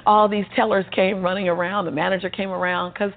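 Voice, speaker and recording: A woman's voice: mid-range voice, little pitch movement, a little fast, phone-quality sound. A woman telling her story in a motivational speaking style, emphatic and preacherly with lots of repetition. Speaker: guest speaker.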